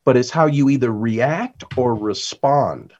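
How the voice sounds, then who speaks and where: A man's voice: medium pitch, unhurried, darkish tone, muffled recording. A man, an author and workplace trainer, talking as a podcast guest who acts out the lines he quotes.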